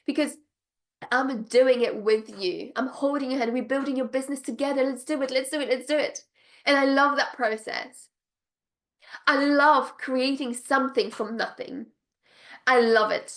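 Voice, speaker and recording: A woman's voice: fairly high pitch, moderate pace. Gushing, emphatic woman business coach. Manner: bursts of excited laughter. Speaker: business coach for spiritual entrepreneurs. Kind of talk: direct-to-camera pitch.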